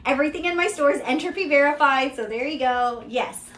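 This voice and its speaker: High-voiced Kentucky woman hosting live sales. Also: brisk, fairly bright tone, roomy sound. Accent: Central Kentucky Southern drawl. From Kentucky, USA. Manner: chatty and upbeat, filler-heavy ("yeah", "there you go"). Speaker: host selling vintage luxury bags. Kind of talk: live-stream product showcase.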